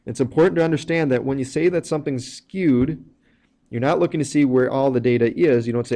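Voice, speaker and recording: This recorded math lesson is led by a man whose mid-range, mellow voice moves a little fast. He lays out each step plainly, dropping in the occasional filler.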